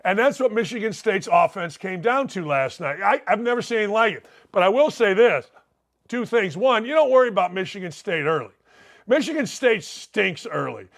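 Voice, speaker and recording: A middle-aged man from Indiana hosting a sports talk show, telling a story in a brash, loud, jokey way. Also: high voice, expressive, vocal fry. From Indiana, USA. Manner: loud, fast-talking, brash, jokey asides. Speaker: sports talk radio host. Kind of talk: animated storytelling monologue.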